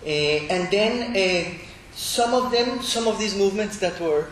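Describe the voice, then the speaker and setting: Halting man lecturing in an echoey room. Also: lively intonation. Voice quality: halting, many fillers and tag "no?". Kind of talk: academic lecture. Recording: echoey room with faint rumble.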